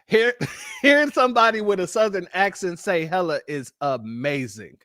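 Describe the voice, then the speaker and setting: A man from Los Angeles hosting a casual livestream, talking in an animated way and jumping into a high playful voice when he quotes people. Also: moderate pace, no room sound, clean studio sound. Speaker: livestream host.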